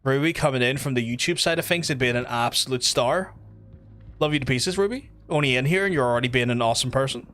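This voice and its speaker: A man's voice: mid-range voice, fast, fairly bright tone. Chatty northern Irish man streaming a game. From Ireland. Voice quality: slightly nasal. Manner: chatty, rambling, sweary, thanks viewers by name. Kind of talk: casual livestream chat while gaming.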